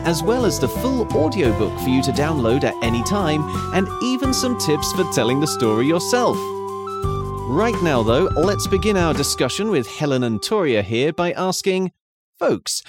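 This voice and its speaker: A man hosting a teaching podcast as a storyteller, with a theatrical delivery that swings between big and hushed moments. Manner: theatrical, wide swings in pitch and loudness. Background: music.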